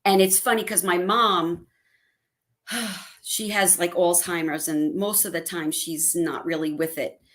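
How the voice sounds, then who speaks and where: Animated middle-aged woman telling stories. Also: fairly low pitch, measured pace. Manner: animated storytelling, acts out family quotes. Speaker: guest fan. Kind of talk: casual livestream chat. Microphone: video call.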